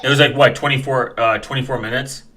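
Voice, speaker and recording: A man ranting as he reacts to videos, swearing and mocking, dropping to quiet mumbles and then bursting into loud shouts. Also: medium pitch, fairly even intonation, fast, soft background music. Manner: angry, profane, mocking, breaks into sudden shouts; mumbles quietly while reading comments aloud.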